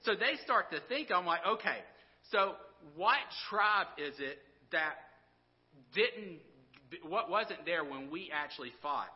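High-voiced stammering man retelling a Bible story. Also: lively intonation, slow, highs cut off. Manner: stammering, repeats words, voices characters informally. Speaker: Bible teacher. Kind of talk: casual Bible lesson retelling.

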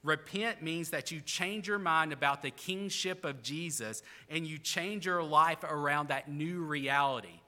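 Bright-voiced male preacher. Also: a little high, unhurried, hardly any pauses, in a large hall. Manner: earnest, explanatory preaching. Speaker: pastor. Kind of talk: sermon.

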